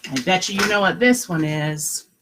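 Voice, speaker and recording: A woman kindergarten teacher giving a live lesson from home, talking in a sing-song, encouraging way and slowing down to sound out words. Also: on the low side, noisy background. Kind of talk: live online lesson for young children.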